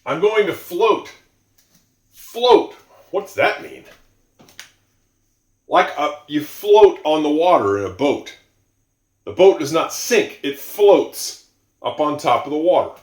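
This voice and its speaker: A man's voice: a little high, sing-song, darkish tone. Man teaching English in an echoey room. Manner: slow, repeats example sentences, musing asides. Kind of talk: explaining English to learners.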